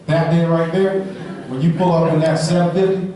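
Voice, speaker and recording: A man giving an energetic motivational talk at a live sales rally, telling stories and often asking the crowd "right?". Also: fairly high pitch, moderate pace. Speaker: motivational speaker. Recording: echoey hall, from far off.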